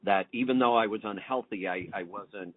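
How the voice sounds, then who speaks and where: Middle-aged male host, curious and opinionated, lowish voice, phone-quality sound. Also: normal speed, no echo. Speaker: podcast host. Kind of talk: casual interview chat. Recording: tinny phone-line audio.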